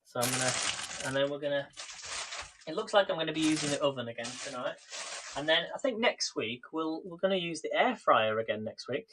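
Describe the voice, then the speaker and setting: A man's voice: fairly high pitch, expressive, a little fast, noisy background. A man hosting a live cooking stream, chatting casually and greeting viewers by name, recorded in a home kitchen on a camera set on a tripod.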